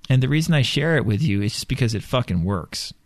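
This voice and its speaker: A man's voice: mid-range voice, lively intonation, quick pace, dry recording, clean studio sound. A man giving a motivational self-help monologue, speaking in a blunt, profane, irreverent and emphatic way.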